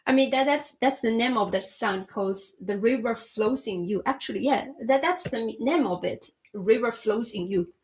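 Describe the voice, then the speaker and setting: Chinese-accented woman hosting a chill livestream, gentle, lots of little restarts, calls everyone my friend. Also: on the high side, normal speed, few pauses. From China. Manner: soft-spoken, frequent restarts and laughs, addresses viewers as my friend. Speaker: livestream host. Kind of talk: casual livestream chat reading comments.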